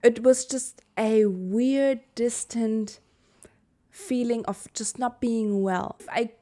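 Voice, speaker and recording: A woman's voice: fairly high pitch, slow pace, mellow. Earnest young woman teaching from Germany. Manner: earnest, candid, corrects herself with a laugh. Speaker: Human Design teacher. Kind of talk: explanatory video lesson.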